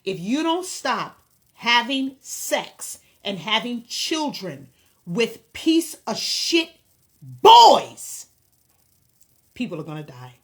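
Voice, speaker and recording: A woman's voice: a little high, very animated, slow pace. A woman hosting a commentary video who offers counseling, talking to viewers in a blunt, impassioned, lecturing way. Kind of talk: direct-to-camera commentary.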